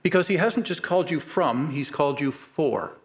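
A man's voice: fairly high pitch, lively intonation, a little hiss or hum. Man preaching an earnest sermon. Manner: measured, earnest preaching with slowed emphasis. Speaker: pastor.

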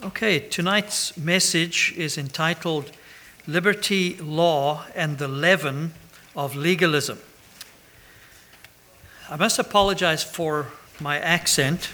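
A man's voice: a little high, slow pace, pushed and bright, slight background noise. A man preaching a sermon, chatty and pastoral, with self-deprecating asides and a habit of tagging 'right?'. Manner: pastoral, announcement-style.

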